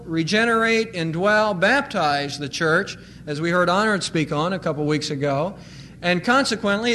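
A male pastor preaching a sermon, slowing to stress single words. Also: high-pitched, fairly bright tone, a little hiss or hum.

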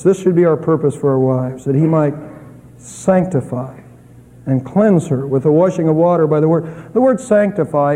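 A middle-aged man preaching with a high, mellow voice. His earnest sermon swings between loud and soft, and a long reverb rings around him in a big hall. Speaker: pastor.

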